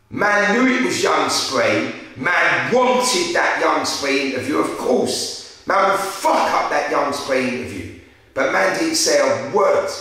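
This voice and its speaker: A young man with a London accent, an interviewer telling a story in a casual, animated way, full of street slang. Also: fairly high pitch, gravelly. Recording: very echoey room, far from mic.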